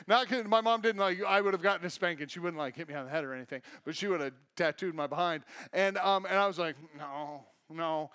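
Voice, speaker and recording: High-voiced male pastor preaching. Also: a bit bright, clear, resonant tone. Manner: storytelling, acts out quoted voices. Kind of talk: sermon. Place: church sanctuary.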